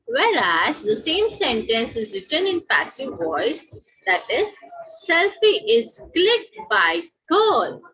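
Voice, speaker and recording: A woman's voice: sits high, very animated, takes it slowly, fairly bright tone, low-quality recording. A woman with an Indian English accent teaching a grammar lesson, repeating each example sentence and asking questions that she answers herself.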